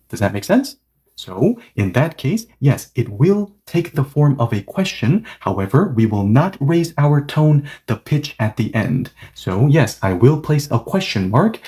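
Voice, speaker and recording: Mellow-voiced man teaching grammar. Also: mid-range voice, sing-song, normal speed. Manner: patient, checks understanding often. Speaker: Korean language teacher. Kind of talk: online grammar lesson.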